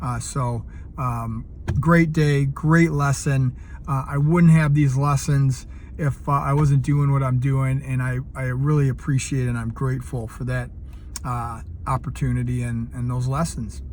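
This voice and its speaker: A man's voice: mid-range voice, flat delivery, a little slow, darkish tone, slight background noise. A man in his fifties, a coach, telling a personal story earnestly, with frequent fillers and restarts. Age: 50s. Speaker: CrossFit coach. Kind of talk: casual personal vlog storytelling.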